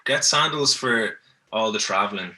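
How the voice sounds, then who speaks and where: A man's voice: fairly low pitch, animated, normal speed, sharp tone. An Irish man on a podcast as a guest, telling stories in an easygoing, rambling way and often restarting. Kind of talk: casual chat, telling stories. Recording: mic at a distance.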